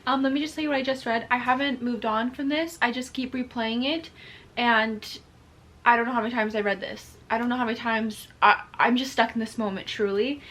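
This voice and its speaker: High-voiced gushing woman book vlogger. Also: steady tone, brisk, fairly bright tone, slight background noise. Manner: gushing and emotional, often laughing and tearing up; chatty, addresses viewers directly. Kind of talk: casual reading vlog, reacting to a book.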